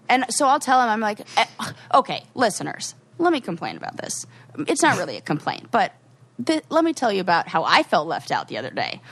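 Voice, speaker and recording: Animated chatty woman podcast host. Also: mid-range voice, fairly quick, husky. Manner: animated, quotes people in lively put-on voices. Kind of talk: casual chat.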